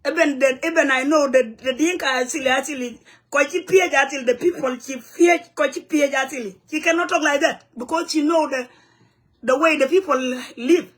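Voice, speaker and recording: South sudanese woman, high voice, angry rant to camera in broken english. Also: moderate pace, fairly bright tone. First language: Nuer. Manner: heated, blunt, broken English mixed with Nuer phrases. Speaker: community vlogger. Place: home in the U.S.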